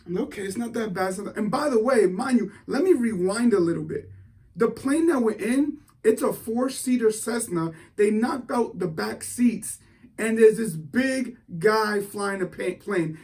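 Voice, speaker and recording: A man giving a motivational talk, telling a story in an animated, excitable way with frequent restarts. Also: high voice, normal speed, far from the mic. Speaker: motivational speaker.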